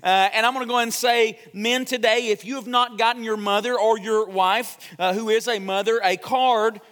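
A man's voice: high voice, fairly even intonation, normal speed, a bit bright. A young man preaching a sermon in a church, a chatty storyteller who jokes with the congregation. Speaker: pastor. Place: church sanctuary. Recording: long church hall reverb.

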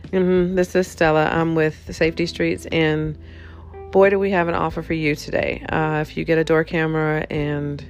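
Dry sarcastic telemarketer lady, woman doing the bit, low and flat. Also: normal speed, soft background music. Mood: snide. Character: bored, snide woman telemarketer.

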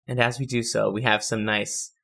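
A man's voice: fairly low pitch, flat delivery, moderate pace, vocal fry, pushed and bright. A man hosting a podcast, chatting casually and teasing his co-host. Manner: joking, playfully teasing. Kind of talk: casual chat.

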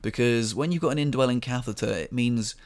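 A man's voice: mid-range voice, fairly quick. A man chatting on a podcast, spinning a long anecdote with lots of laughs and little acted-out bits of dialogue. He sounds loose and unscripted, with the odd swear word thrown in. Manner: animated storyteller, acts out quotes, laughs often, swears. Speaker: podcast co-host. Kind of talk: casual chat, telling a story.

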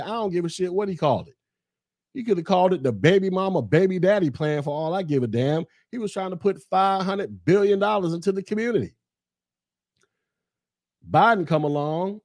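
A man's voice: on the high side, darkish tone, dry recording, clean studio sound. A man from the United States hosting a podcast, ranting angrily about politics, heated and profane, mocking his listeners and repeating phrases for emphasis. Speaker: podcast host. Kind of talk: angry political rant.

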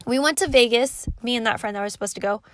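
A woman in her thirties with a fairly high voice tells a personal story in a loose, rambling way. She swears freely and leans on fillers. Her voice sounds dry and close. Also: fast talker, dry recording. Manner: rambling, profane and animated, with many fillers. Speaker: vlogger. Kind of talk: casual storytelling.

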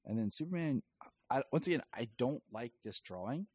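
A man's voice: medium pitch, lively intonation, brisk, a little mellow, slightly rough, no room sound, rough recording. A man casually retelling and reviewing a comic, rambling with many fillers. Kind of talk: casual chat.

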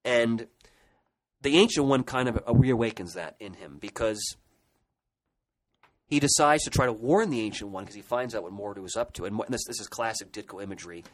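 A man's voice: lowish voice, fairly quick, low-quality recording. A man co-hosting a podcast, retelling comic book history in an enthusiastic, rambling way with many restarts. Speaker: podcast co-host. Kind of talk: casual podcast discussion.

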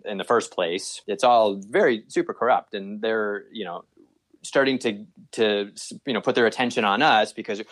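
Animated man telling a travel story. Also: on the low side, no echo. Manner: animated, acts out voices, many fillers. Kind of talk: casual storytelling.

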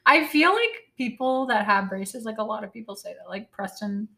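A young woman co-hosting a podcast, chatting casually in a giggly, animated way. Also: fairly high pitch, normal speed, gravelly. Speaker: podcast co-host. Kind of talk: casual chat.

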